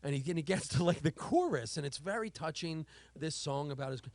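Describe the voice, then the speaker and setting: A man co-hosting a casual podcast, telling animated stories, acting out quotes and laughing often. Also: on the high side, a little fast, vocal fry, no echo. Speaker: podcast co-host. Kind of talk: casual chat.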